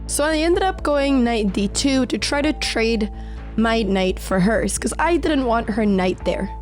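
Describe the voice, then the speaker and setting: A woman with a fairly high voice tells the story of her chess game in a calm, measured voice-over. She is slightly sick, and her voice cracks now and then. Soft music plays faintly behind her. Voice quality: occasional voice cracks. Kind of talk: reflective voice-over narration.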